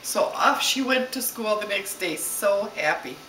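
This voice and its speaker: A woman's voice: medium pitch, a little slow, a little hiss or hum. Woman telling a kid a story, asks questions as she goes, mic kinda far, echoey room. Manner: expressive, asks the listener questions. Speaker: storyteller for a child. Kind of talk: bedtime-style story told aloud.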